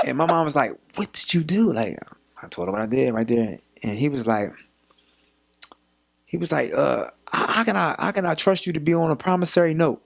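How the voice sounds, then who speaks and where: Man from philly, young adult, podcast guest, lively storyteller, mid-pitched voice. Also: gravelly. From Philadelphia. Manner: animated retelling, acts out quoted voices. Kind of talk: casual storytelling.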